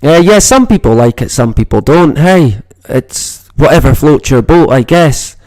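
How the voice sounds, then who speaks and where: Slow-talking Scottish man, swearing freely. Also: fairly high pitch, animated, darkish tone, no room sound. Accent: Scottish, northeast Moray. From Scotland. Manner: rambling, swears constantly. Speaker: livestream host. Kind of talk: casual livestream chat.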